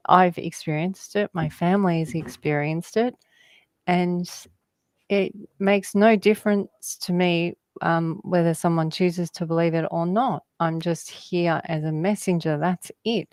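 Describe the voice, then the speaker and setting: A woman's voice: fairly low pitch, fairly even intonation, darkish tone, no echo. A woman, a guest telling rambling spiritual stories in a conversation, often laughing. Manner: slow, meandering storytelling with laughs.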